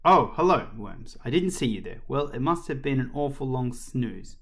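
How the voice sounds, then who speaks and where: A man's voice: medium pitch, big pitch swings, moderate pace, fairly bright tone. A man reading aloud, voicing a chirpy, batty, very old headmistress in a storybook. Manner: chirpy and jolly.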